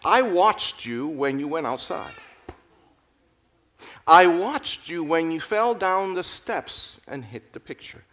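A man's voice: fairly high pitch, lively intonation, takes it slowly, fairly bright tone, pitched above the performer's own voice. A man voicing a loving, patient father who speaks tenderly and reassuringly.

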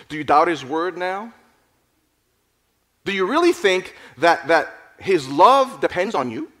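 A man voicing a wise older nanny who speaks firmly yet gently. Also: medium pitch.

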